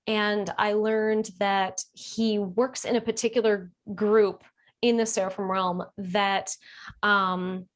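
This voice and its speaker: A woman speaks casually to camera, telling a personal story. She is chatty and animated, laughs easily, and her voice lifts when she gets excited. Her speech is full of fillers and fresh starts. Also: mid-range voice. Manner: chatty, laughs often, many fillers and restarts. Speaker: holistic healer.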